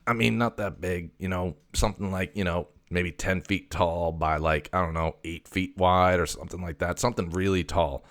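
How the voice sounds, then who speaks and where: A man voicing his crude, boastful male house cat, cursing and mumbling with halting pauses. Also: deep voice, steady tone, fairly bright tone. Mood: scheming. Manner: foul-mouthed, cocky, mumbling and halting.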